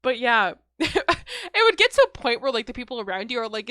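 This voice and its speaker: A young woman co-hosts a casual podcast, breaking into giggles often. Her voice sits fairly high and is bright and lively, leaping up and down in pitch. The sound is close and dry, with no room around it. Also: moderate pace, no echo. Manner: giggly, animated, laughs often. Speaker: podcast co-host. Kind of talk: casual chat.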